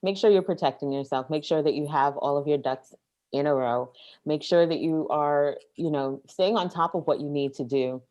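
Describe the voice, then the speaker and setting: A woman's voice: low-pitched, normal speed, darkish tone. A Caribbean American woman co-hosting a casual podcast chat, playful and giving emphatic, repeated advice. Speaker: podcast co-host.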